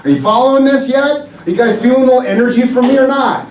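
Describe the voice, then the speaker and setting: A man's voice: very high voice, fast talker, darkish tone, slight background noise. A man, a chiropractor, giving a motivational health seminar to a live audience, joking and firing questions at the room. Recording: echoey room, distant mic, faint ambience.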